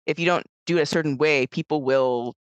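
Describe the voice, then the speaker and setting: An American woman chatting casually on a podcast, rambling and animated as she tells stories, with lots of fillers. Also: sits low, brisk, dry recording, highs cut off. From United States. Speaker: podcast co-host. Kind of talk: casual chat.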